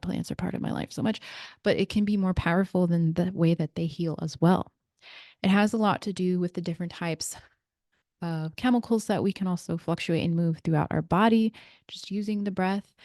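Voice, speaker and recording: A woman's voice: fairly low pitch, a little mellow, dry recording, clean studio sound. A woman hosting a casual solo podcast, explaining breathing in a chatty way with asides and small laughs, speaking into a computer mic. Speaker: podcast host and breathwork practitioner.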